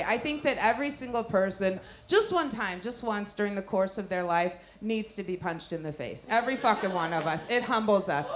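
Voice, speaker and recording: A brash woman doing stand-up on a handheld mic, her voice sitting at an ordinary middle pitch. She swears freely and giggles through her punchlines, with noise from the club underneath. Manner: brash, profane, laughs through her lines. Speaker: stand-up comedian. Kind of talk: stand-up storytelling. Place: comedy club stage. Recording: noisy live comedy club.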